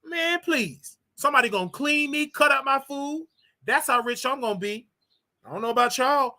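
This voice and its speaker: A man hosting a casual livestream, talking straight to his viewers in an animated, repetitive way with preachy asides. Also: very high-pitched, moderate pace. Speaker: livestream show host.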